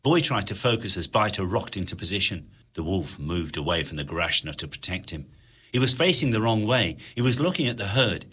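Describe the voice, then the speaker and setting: Husky, expressive male narrator. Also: sits low, a little fast. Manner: expressive, dramatic storytelling. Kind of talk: audiobook narration.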